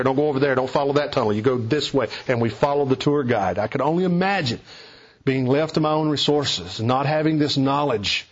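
A man preaching a sermon, emphatic and building to forceful declarations. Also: medium pitch, lo-fi sound.

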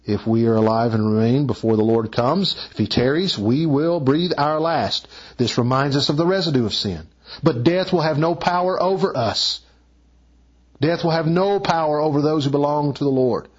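A man preaching a sermon as a pastor, emphatic, his voice climbing higher when he drives a point home. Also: normal speed, husky, lo-fi sound.

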